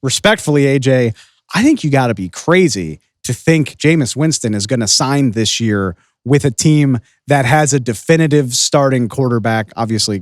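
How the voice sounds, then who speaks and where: A man's voice: mid-range voice, no echo, clean studio sound. A man hosting a sports podcast, giving enthusiastic, opinionated casual commentary.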